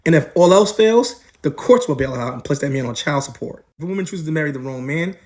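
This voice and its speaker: A man's voice: on the high side, lively intonation, fast talker, a little mellow. A man hosting a podcast, delivering blunt, mocking commentary in a scripted way. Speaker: podcast host.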